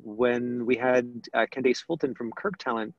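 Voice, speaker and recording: A man's voice: mid-range voice, fairly even intonation, normal speed, dry recording, lo-fi sound. A man teaching acting in an online question-and-answer session, talking conversationally with many fillers and restarts. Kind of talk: online Q&A lesson.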